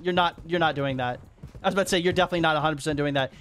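A young man hosting a hide and seek match while playing, giving animated commentary that jumps up into excited yelps. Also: on the high side, racing, a little hiss or hum.

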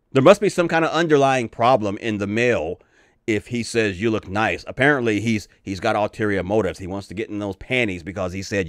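Host: middle-aged man, furious profane rant, animated pitch, dry close sound. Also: no echo. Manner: angry, profane ranting. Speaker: channel host. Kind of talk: ranting commentary.

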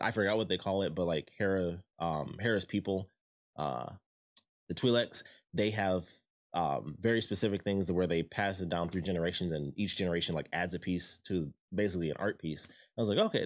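A man giving a rambling, excited review of a show, full of fillers and restarts. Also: on the low side. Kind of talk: casual review chat.

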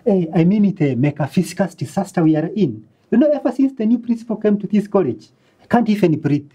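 A woman with a Kenyan accent playing a blunt, fed-up female college student, with a husky voice. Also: mid-range voice, animated, fast talker, mellow. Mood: scolding. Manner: blunt, scolding. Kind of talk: web series acting.

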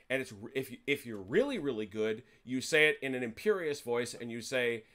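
A man with a mid-range, fairly bright voice talks a little fast with few pauses, his pitch swinging widely. He's hosting a tabletop wargame, casually explaining the rules to his players, often correcting himself mid-sentence and tossing in wry jokes.

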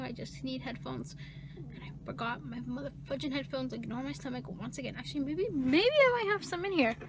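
A young woman with a high voice vlogs casually on a handheld phone at a beach, in a car and at a gym, against a noisy background. She rambles self-consciously and often drops to a hushed voice as she chats.

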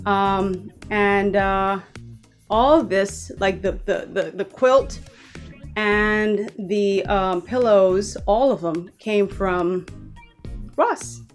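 A woman's voice: mid-range voice, fairly even intonation, very slow. Bahamian woman doing a chatty bedroom tour vlog, playful, keeps correcting herself, faint music behind. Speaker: vlogger. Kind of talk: casual room tour vlog. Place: her bedroom.

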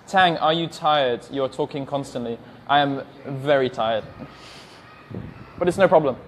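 A man's voice: mid-range voice, a little slow, fairly bright tone, slight background noise. A young English man teaching English, reading viewers' questions aloud on a livestream and answering them in a friendly, plain way. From England.

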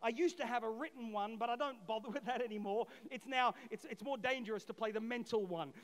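A middle-aged pastor delivers a lively, brisk sermon in a very high-pitched voice. He acts out the story's voices and moves between shouted peaks and quiet asides, all wrapped in the long hall reverb of a church auditorium.

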